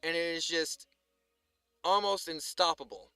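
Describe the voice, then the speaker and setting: A man talking casually on a live stream, rambling with lots of filler words and swearing, sometimes quiet and sometimes heated. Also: fairly high pitch, a little slow, smooth, dry recording, faint music behind. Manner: swings from subdued to heated ranting.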